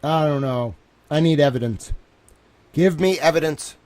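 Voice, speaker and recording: A man streaming a casual rant, swinging between low mutters and near-shouting, often breaking into laughter. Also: normal speed.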